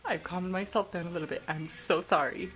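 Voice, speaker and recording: A woman and mother vlogging from home at night, chatting excitedly to her viewers and keeping her voice down so her kids sleep. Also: on the low side, a little fast, slight background noise, low-quality recording. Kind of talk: casual vlog chat to viewers.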